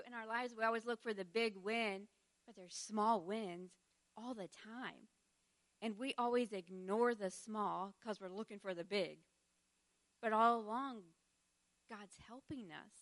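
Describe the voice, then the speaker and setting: A woman's voice: medium pitch, fairly bright tone. A middle-aged woman teaching in church, conversational and heartfelt, laughing often between thoughts.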